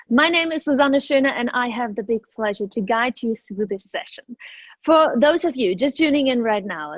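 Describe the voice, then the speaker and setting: A woman's voice: a little high, no room sound. A woman moderating a virtual industry panel, speaking with polite, formal welcomes and thanks. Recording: dull, lo-fi remote audio.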